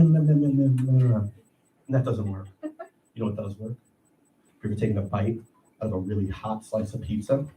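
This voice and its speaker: A man in his thirties doing a profane, animated stand-up set on a comedy club stage. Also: fairly low pitch. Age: 30s. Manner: profane, animated, acts out voices. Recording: echoey room, heard from a distance. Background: audience laughter and room noise.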